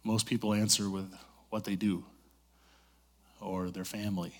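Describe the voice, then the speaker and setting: A man's voice: on the low side, level tone, a little slow. A middle-aged man giving a sermon in a conversational, storytelling way, full of asides. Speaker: pastor.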